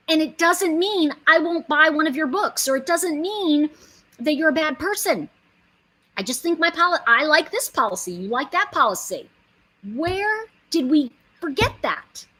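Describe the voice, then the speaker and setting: A woman's voice: high-pitched, fairly bright tone, slightly rough, poor audio. A woman giving a casual motivational monologue, earnest and emphatic, rambling with many asides. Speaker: inspirational speaker.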